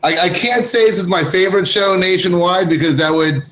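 A middle-aged man with a slightly high voice talks as a podcast guest. His speech is relaxed and slangy, full of casual asides. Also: fairly quick, low-quality recording. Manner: laid-back, slangy, says "man" a lot. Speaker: guest cigar journalist.

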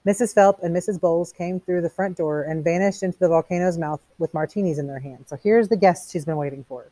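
A woman reads a novel aloud in a somewhat low voice, stepping out of the text now and then to explain it in a relaxed, casual way. The sound is close and dry, with no room around it. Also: fairly quick, no echo. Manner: reads plainly, stops to explain in casual asides. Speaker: teacher reading a novel aloud. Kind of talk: read-aloud with commentary.

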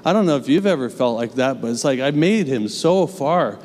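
A man's voice: fairly high pitch, expressive, moderate pace, hardly any pauses, a little mellow. A young adult man preaching a sermon in a church, earnest and conversational, with casual asides. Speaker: pastor. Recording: long church reverb.

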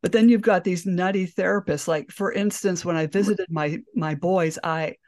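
A woman's voice: lowish voice, moderate pace, a little mellow. A woman hosting a podcast interview, sharing chatty anecdotes. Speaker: podcast host. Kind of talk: conversational interview.

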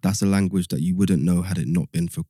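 A man in a casual discussion, summarizing points in a measured way. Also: deep voice, steady tone, mellow, no room sound, studio quality.

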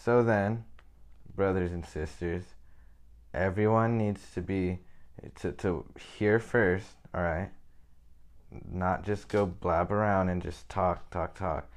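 A man's voice: low voice, steady tone, slow pace. A young man giving an informal, rambling Bible lesson, often checking in with "okay?". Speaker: Bible study teacher.

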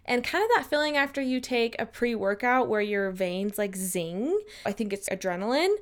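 A woman's voice: a little high, moderate pace. A young woman in her twenties telling a personal story to camera in a chatty, upbeat way. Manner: chatty and upbeat, with animated quotes. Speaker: vlogger.

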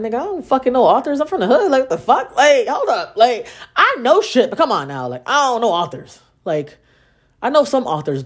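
A young adult woman hosting a podcast, telling stories in a casual, sarcastic, profane way and acting out the dialogue. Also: medium pitch. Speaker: podcast host. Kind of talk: casual storytelling monologue.

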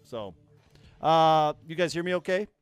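A man's voice: on the high side, expressive, measured pace, clean tone, no room sound. A man hosting a casual livestream podcast, rambling and chatty as he restarts his sentences. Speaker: podcast host.

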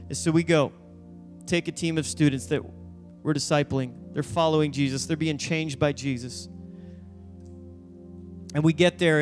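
Man, youth pastor, sermon story, animated, high voice, long hall echo, faint music behind.

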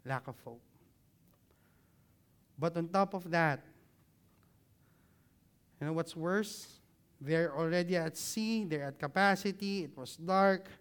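A man preaching a sermon, engaging the listeners with many questions and growing more animated as he explains. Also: fairly high pitch, takes it slowly, pauses often, clean tone. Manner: grows louder and more animated when explaining.

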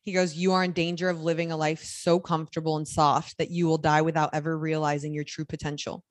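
Chatty woman with a low, dry voice. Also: flat delivery, quick pace, dry recording. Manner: chatty storyteller, laughs while telling stories. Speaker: podcast co-host. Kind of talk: casual chat.

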